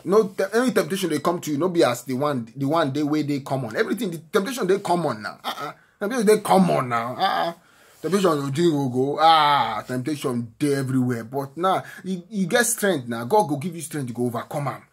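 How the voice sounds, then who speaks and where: A man's voice: a little high, animated, a little fast, breathy edge. A man from Nigeria with a Nigerian accent, giving a spontaneous, earnest talk of faith and prayer, repeating himself and often ending lines with "eh?". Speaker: vlogger giving encouragement.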